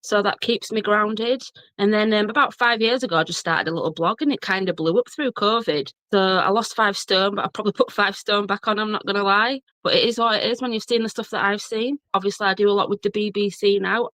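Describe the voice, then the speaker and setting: A woman in her thirties with a broad Yorkshire accent tells her stories at a rapid clip, chatty and quick to laugh. Her voice sits at an ordinary pitch for a woman. The recording is dry and close, with no room echo. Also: a bit bright. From Bradford, Yorkshire, England. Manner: chatty, laughs often, broad local dialect. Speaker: guest, blogger and journalist. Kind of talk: casual storytelling chat.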